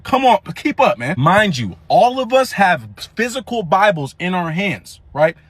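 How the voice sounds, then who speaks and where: A young man with a high, bright-sitting voice tells a comedic story in animated, slangy bursts. He rambles and restarts mid-sentence. The recording is dry, with no room sound. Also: measured pace, no room sound.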